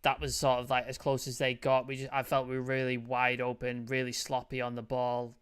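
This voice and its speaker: A man's voice: medium pitch, monotone, a little fast, fairly bright tone, clear, resonant tone. A man hosting a casual football review chat, loose and chatty, full of fillers. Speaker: host.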